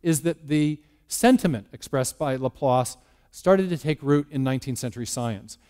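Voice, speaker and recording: A man speaks at a church as guest lecturer, his voice sitting a little high. He talks in a relaxed, conversational way, with frequent ums and uhs. He turns to the audience with questions as he goes. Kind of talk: public lecture to a live audience.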